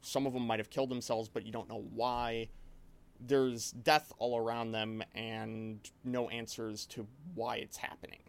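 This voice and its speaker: Man, casual chat, rambling, restarts a lot, mid-pitched voice. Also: a little slow, clean tone. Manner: rambling, animated storytelling with many restarts. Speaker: game master.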